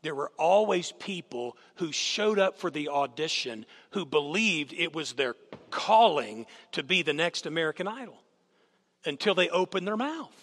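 A man's voice: on the high side, animated, moderate pace, fairly bright tone. A man preaching a sermon as a guest speaker, telling stories with animation and putting questions to the congregation. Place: church sanctuary. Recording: long hall reverb.

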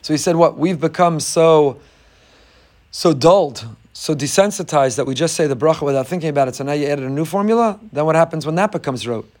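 A middle-aged man, a rabbi giving a Torah class, telling stories with animation and jumping high when acting out other people. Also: a little fast, darkish tone.

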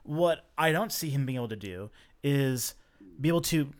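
A man in casual chat, skeptical and halting, with fillers between his points. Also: medium pitch, lively intonation.

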